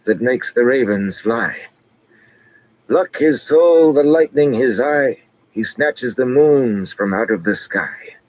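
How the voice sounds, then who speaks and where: A man's voice: medium pitch, expressive, takes it slowly, a little mellow, pitched above the performer's own voice, rough recording. A man voicing a rambling broken-nosed old man in an audiobook, reciting in a sudden sing-song way.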